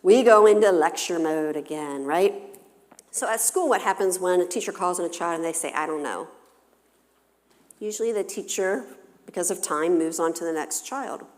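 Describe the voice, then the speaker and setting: A woman's voice: fairly low pitch, normal speed, long reverb tail. A woman counselor giving a parenting talk in a church, engaging her listeners with questions. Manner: engaging, poses questions to the audience. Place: church hall.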